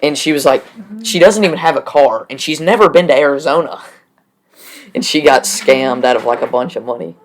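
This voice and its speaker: A man's voice: medium pitch, brisk, low-quality recording. Young male co-host, casual storyteller, lots of ums and likes. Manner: anecdotal, filler-heavy storytelling. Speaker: podcast co-host. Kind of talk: casual chat.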